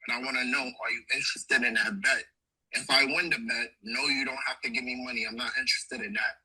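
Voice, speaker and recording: A man's voice: mid-range voice, steady tone, fast talker, sharp tone, breathy edge, low-quality recording. A man from New York City with a thick New York accent, leaving a brash, challenging voice message for a podcast. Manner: brash, challenging street talk. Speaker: caller leaving a voice note. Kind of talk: casual voice message.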